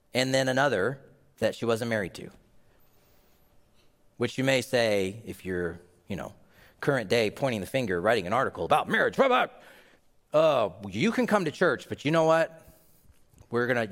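A man's voice: mid-range voice, long reverb tail. Earnest man preaching a sermon. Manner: earnest and emphatic. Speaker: pastor. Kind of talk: sermon with closing prayer.

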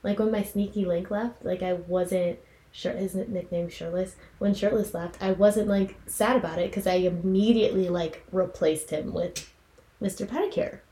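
A woman's voice: fairly low pitch, steady tone, moderate pace, mellow. Rambling young woman in echoey room. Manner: rambling storyteller, heavy filler "like". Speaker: podcast co-host. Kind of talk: casual chat. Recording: echoey room, faint noise.

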